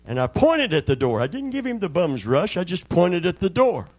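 A man's voice: high-pitched, big pitch swings, normal speed, hardly any pauses. An older man preaching a sermon, telling folksy stories and acting out the voices in them. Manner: folksy storyteller, acts out voices in anecdotes. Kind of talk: sermon with storytelling.

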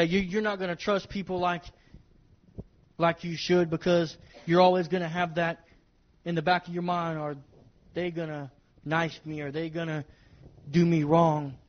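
A high-voiced man preaches to his church congregation with heavy emphasis, repeating phrases and speaking directly to the people in front of him. The recording is dull and lo-fi, with its top end rolled off.

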